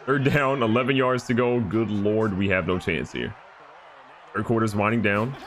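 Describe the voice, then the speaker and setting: A man giving excited, joking gameplay commentary as a gaming YouTuber. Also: fairly low pitch, moderate pace, a little hiss or hum. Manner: animated, joking, trash-talking.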